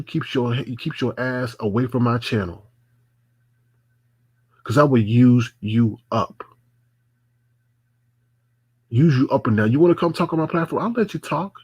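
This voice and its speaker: Husky man ranting angrily on a livestream. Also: medium pitch, no echo. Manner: confrontational, repetitive, scolding. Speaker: livestream host. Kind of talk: angry livestream rant.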